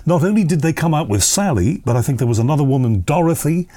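A man's voice: fairly high pitch, animated, quick pace, dark tone. A man interviewing an author, asking long, curious questions that loop back on themselves. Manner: curious, rambling questions with restarts. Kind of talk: conversational interview.

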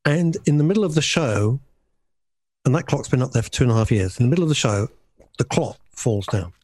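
Husky-voiced man in hesitant chat. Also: medium pitch, lively intonation, a little mellow, no echo. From England. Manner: halting, hesitant, emphatic. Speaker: radio presenter. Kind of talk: casual chat.

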